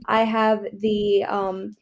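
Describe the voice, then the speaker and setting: A teenage girl with an Australian accent, chatting fast and candidly on a podcast. She rambles from one thought to the next in a mid-pitched voice and laughs easily as she talks. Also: flat delivery, gravelly. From India. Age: teens. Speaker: podcast co-host. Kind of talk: casual chat.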